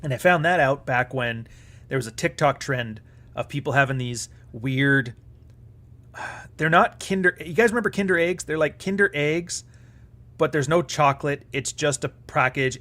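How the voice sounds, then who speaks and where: A man's voice: mid-range voice, fairly bright tone. A man hosting a live stream, chatting casually in a profane, sarcastic and rambling way.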